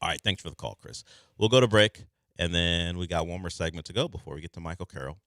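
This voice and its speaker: A man co-hosting a sports talk radio show, talking in an animated, rambling way full of questions. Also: deep voice, quick pace, no room sound, studio quality.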